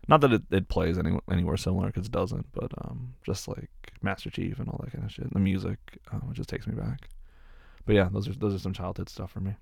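Speaking quickly in a deep, gravelly, slightly mellow voice, a young man answers his viewers' questions in a casual Q&A chat. He rambles loosely, often repeating words and swearing casually, and the sound is dry and close with no echo.

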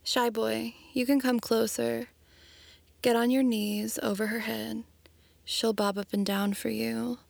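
A woman's voice: fairly high pitch, flat delivery, unhurried, vocal fry, a little mellow, no echo. A woman in a whispered role-play, talking in a teasing, coaxing way and often dropping to a whisper.

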